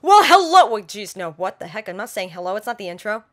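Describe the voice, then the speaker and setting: A woman's voice: mid-range voice, sing-song, fast, a bit bright, slight background noise. A woman YouTuber flubbing her video intros, giggling and exclaiming as she restarts her lines. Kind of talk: blooper reel of vlog intros.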